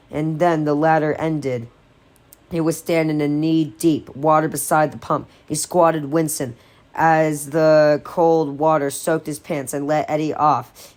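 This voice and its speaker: A woman's voice: sits low, a little mellow. A woman reading a novel aloud, with occasional slips and self-corrections. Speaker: audiobook reader.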